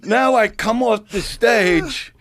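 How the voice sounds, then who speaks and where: A middle-aged man, a comedian telling a story as a podcast guest in a brash, profane, animated way, acting out what people said. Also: high-pitched, takes it slowly. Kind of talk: casual storytelling.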